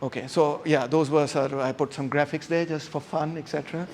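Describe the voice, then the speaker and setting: A man giving a classroom lecture, talking straight to students without a microphone and acting out intonation with emphatic, animated delivery. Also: a little high, brisk, slight background noise. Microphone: no microphone, unamplified voice.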